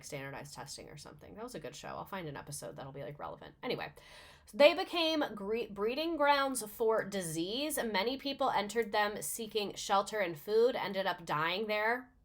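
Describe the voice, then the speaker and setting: A woman's voice: medium pitch, sing-song, moderate pace. A young adult woman, a teacher, reading a text aloud in a casual way and breaking off for chatty, sarcastic comments with plenty of swearing.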